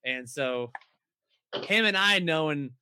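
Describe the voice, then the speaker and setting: A man's voice: on the high side, expressive, takes it slowly, bright, forceful tone, slight background noise. A man co-hosting a podcast, rambling through stories in casual chat and laughing often. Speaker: podcast co-host.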